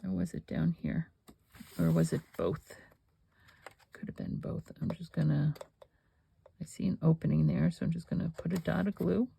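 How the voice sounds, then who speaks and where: Chatty woman with a gravelly fry. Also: sits low, lively intonation, normal speed, long pauses, mellow, slight background noise. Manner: chatty, rambling asides while working. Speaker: crafting channel host. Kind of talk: casual crafting demonstration, thinking aloud.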